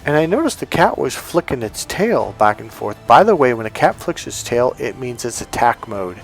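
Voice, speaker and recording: A man's voice: mid-range voice, big pitch swings, normal speed, gravelly, soft background music. Emphatic man telling a story. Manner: emphatic, repeats key words. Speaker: dating coach. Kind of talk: casual storytelling monologue.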